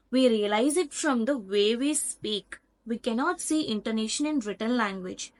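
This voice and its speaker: Woman methodically explaining lesson slides. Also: a little high. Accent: Indian English. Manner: methodical, repeats points with "so" and "as I said". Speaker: lecturer.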